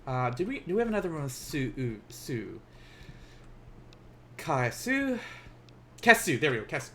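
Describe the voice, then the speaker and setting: A man's voice: medium pitch, big pitch swings, measured pace, pushed and bright, a little hiss or hum. A young man teaching a casual beginners' language lesson on a live stream, playful and chatty, often laughing at his own asides.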